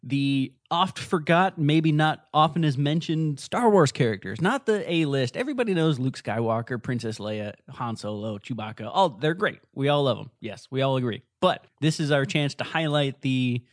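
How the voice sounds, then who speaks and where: A man's voice: mid-range voice, moderate pace, few pauses, no room sound, clean studio sound. Enthusiastic man chatting on a podcast. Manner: enthusiastic, animated storytelling. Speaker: podcast co-host. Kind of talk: casual chat.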